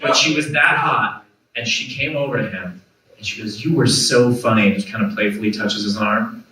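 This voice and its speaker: A man's voice: on the low side, fairly even intonation, moderate pace, sharp tone, very echoey, distant mic, rough recording. A man telling a loose, profane comedy story. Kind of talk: stand-up storytelling.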